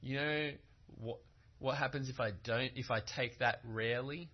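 A man's voice: mid-range voice, steady tone, normal speed, slight background noise. A male preacher giving a sermon, retelling a story and pressing his point with rhetorical questions, on a muffled recording.

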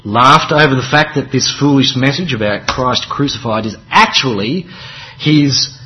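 A man preaching with a wry, chatty delivery, leaning hard on key words and dropping into quieter asides. His voice sits at an ordinary male pitch. The recording sounds a little dull and lo-fi. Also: moderate pace. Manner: conversational, wry preaching with dramatic emphasis and asides. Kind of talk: sermon.

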